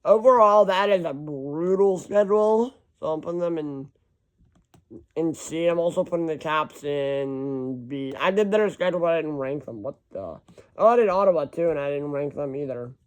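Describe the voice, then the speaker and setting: A man's voice: on the high side, moderate pace, clear, resonant tone. A man in casual solo commentary, rambling and correcting himself as he reads long lists of teams aloud. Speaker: hockey fan ranking team schedules.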